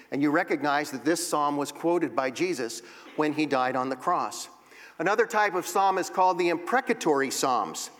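Male Bible teacher giving a patient, explanatory lesson; somewhat high-pitched, recorded in a reverberant hall. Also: fairly bright tone. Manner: explanatory, reads verses aloud and taps out rhythms.

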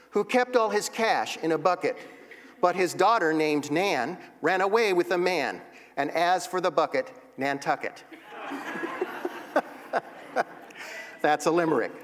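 Man, Bible teacher, explanatory classroom delivery, slightly higher voice, long hall reverb. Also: fairly bright tone. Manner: explanatory, reads verses aloud and taps out rhythms.

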